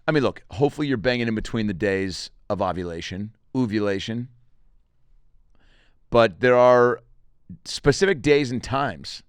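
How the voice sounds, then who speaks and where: A man riffing as a podcast host, cutting himself off and circling back for jokes. His voice is smooth and resonant. The sound is dry and close to the mic. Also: medium pitch, moderate pace, pauses often, no room sound. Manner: rambling, self-interrupting, jokey. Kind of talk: casual comedic monologue.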